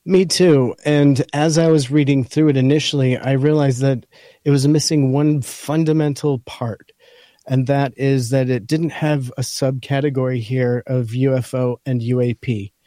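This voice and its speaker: A man's voice: mid-range voice, fairly even intonation, normal speed, warm tone, no echo. A man with a scratchy voice, co-hosting a podcast and talking through an article in casual chat. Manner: talks through a list point by point. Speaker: podcast co-host.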